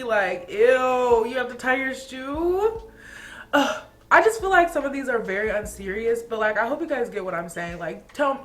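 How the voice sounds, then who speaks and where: A woman's voice: medium pitch, a bit bright. A young woman from Atlanta, Georgia, vlogging in a casual, chatty way, ranting about things that annoy her, full of laughs and filler words. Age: young adult. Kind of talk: casual chat.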